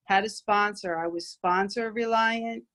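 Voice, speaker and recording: A woman from Philadelphia sharing at an online recovery meeting, earnest and animated. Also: unhurried. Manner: earnest, animated, jumps high in pitch when exclaiming.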